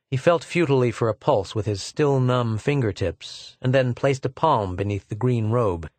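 A man reading a science fiction story aloud in a measured, dramatic way. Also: fairly low pitch, a little mellow, dry recording. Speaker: audiobook narrator. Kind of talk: scripted fiction narration.

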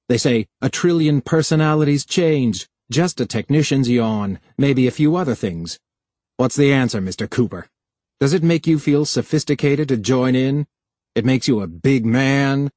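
A man's voice: medium pitch, darkish tone, no echo, natural voice. Brief: male narrator as a defensive young technician, clipped and stern, dry close sound. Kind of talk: audiobook character voice.

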